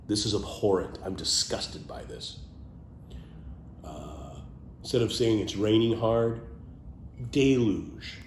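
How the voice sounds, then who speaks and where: A man casually chatting about his favorite words, playful, trailing off into low muttered asides. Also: darkish tone, echoey room, a little hiss or hum. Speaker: vlogger sharing favorite words. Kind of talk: casual off-the-cuff monologue.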